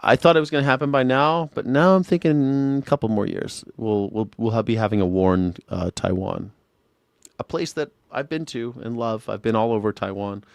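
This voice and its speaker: A man's voice: mid-range voice, moderate pace, gravelly, clear, resonant tone, no room sound. A man giving casual, profane commentary while reacting to a hearing clip, blunt and sarcastic. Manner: sarcastic, blunt, swears freely.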